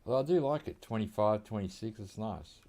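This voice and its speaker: An Australian game streamer broadcasting from home gives laid-back, rambling commentary on his gameplay and chuckles often. His voice is lowish and mellow, animated and brisk.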